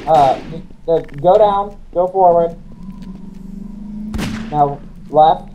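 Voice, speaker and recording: A man's voice: a little high, drawn-out words, mellow, highs cut off, a little hiss or hum. A man guiding his friends through a co-op game, giving scattered directions. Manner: directive, scattered, laughs often. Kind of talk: casual co-op game chat.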